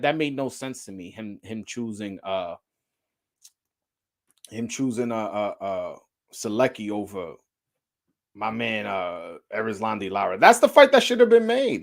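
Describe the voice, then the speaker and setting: A man riffing on his show in a loose, fired-up rant, his pitch leaping around. He swears freely, fires off rhetorical questions and doubles back on his words. The pitch sits mid-height for a man. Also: creaky. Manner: animated, profane, rhetorical questions, repeats himself. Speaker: boxing commentator, show host. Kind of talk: casual opinion rant.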